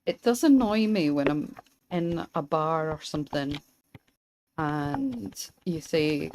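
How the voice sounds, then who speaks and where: Young Scottish woman, streamer, dark warm voice, chatty and dry. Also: deep voice, animated, a little hiss or hum, poor audio. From Scotland. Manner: chatty and wry, pausing mid-thought. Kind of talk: casual gameplay commentary, chatting with viewers.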